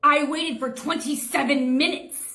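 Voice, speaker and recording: A woman's voice: sits high, fairly even intonation, a little slow, pushed and bright, echoey room, pitched above the performer's own voice, heavily acted. A woman playing an entitled, demanding female customer in a comedy retail skit, whining and repeating her demands. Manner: whiny, repetitive, entitled demands.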